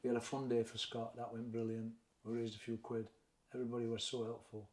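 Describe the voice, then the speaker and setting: A man's voice: medium pitch, monotone, fast, darkish tone. A middle-aged man with a Sheffield Yorkshire accent, a boxing trainer telling his story frankly and reflectively in an interview. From Sheffield, England. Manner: frank, reflective, plain-spoken. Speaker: boxing trainer and former fighter. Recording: echoey room.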